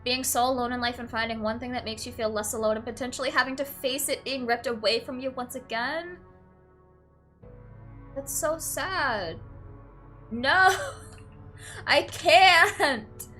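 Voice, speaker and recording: A woman's voice: on the high side, moderate pace, soft background music. A young woman playing a game, reading its questions aloud and reacting with emotion, often saying "like" and "literally", tearful at times. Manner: emotional, swings from flat to teary and laughing. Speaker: let's play streamer.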